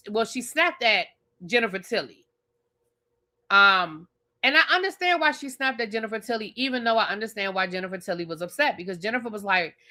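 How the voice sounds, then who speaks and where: Bright-voiced woman ranting about TV. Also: medium pitch. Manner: animated, blunt and profane, talks straight at the show's cast. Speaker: TV show reviewer and channel host. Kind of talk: live rant and review.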